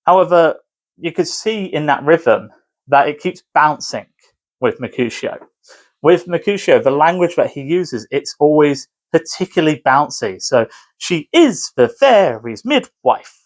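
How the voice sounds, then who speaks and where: A man's voice: fairly high pitch, expressive, normal speed. A man who teaches, talking casually to camera, rambling and correcting himself as he explains. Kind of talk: casual video commentary.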